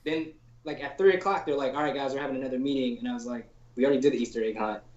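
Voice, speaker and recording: A man's voice: mid-range voice, rapid-fire. A man guest on a podcast, a storyboard artist telling stories in a loose, slangy way, full of "like" and casual swearing, and acting out the people he quotes. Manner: acts out quoted people in animated voices. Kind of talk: casual anecdotal storytelling in an interview. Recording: roomy, dull lo-fi call audio.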